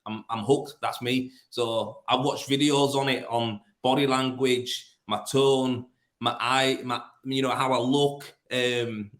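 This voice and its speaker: A man's voice: medium pitch, fairly bright tone. Broad Yorkshire man in a roomy echo. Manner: blunt, storytelling, lots of fillers and restarts. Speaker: plasterer and business owner. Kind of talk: casual interview chat.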